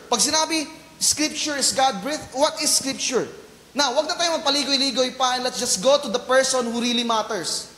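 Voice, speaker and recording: A Filipino man preaching a sermon as pastor, mixing English and Tagalog, asking the congregation questions and slowing down to stress key words. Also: very high voice, fairly bright tone. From Philippines. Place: church hall. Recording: echoey church hall reverb.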